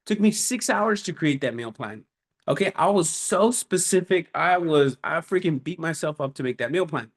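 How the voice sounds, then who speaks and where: A man giving a casual, energetic motivational talk as a business coach, telling stories with emphatic punches. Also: moderate pace. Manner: energetic, animated storyteller with emphatic "boom".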